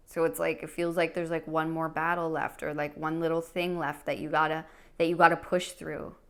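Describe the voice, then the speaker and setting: An earnest woman gives a pick-a-card tarot reading. Her voice sits a little low, and she talks straight to the viewer in an emotional, searching way. She fills her sentences with "like" and starts them over as she goes. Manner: earnest, emotional, many fillers and restarts. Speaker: tarot reader.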